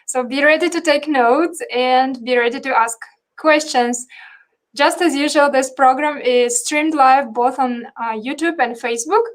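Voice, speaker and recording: A woman hosting a live stream, introducing the guest in a deliberate, formal way with hesitations. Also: high-pitched. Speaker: host.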